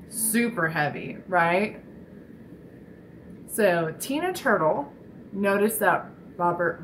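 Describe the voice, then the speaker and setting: Brief: woman speech teacher for kids, unhurried and encouraging, faint room hum behind. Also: mid-range voice, a bit bright, poor audio. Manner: encouraging, demonstrating sounds slowly for children. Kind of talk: slow, clear children's speech lesson.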